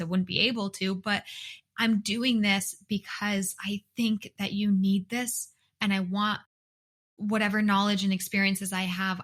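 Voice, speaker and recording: A woman in her thirties talks alone into a mic in her bedroom for her own podcast. Her voice sits at a middle pitch for a woman. She speaks earnestly and from the heart, often doubling words for emphasis. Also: a bit bright. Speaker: podcast host and dietitian. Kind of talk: solo podcast monologue.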